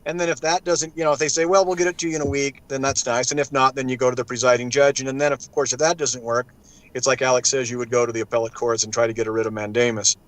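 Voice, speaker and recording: A man giving legal advice in a casual panel talk, acting out judges and clerks in lively quoted asides. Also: medium pitch, quick pace, rough recording.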